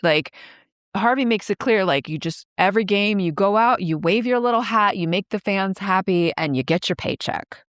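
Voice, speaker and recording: A woman's voice: medium pitch, normal speed, a bit bright, dry recording, studio quality. A woman in her fifties co-hosting a podcast, retelling movie scenes in casual chat with lots of "like" and laughs. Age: 50s. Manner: chatty, many likes, laughs while retelling scenes. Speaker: podcast co-host.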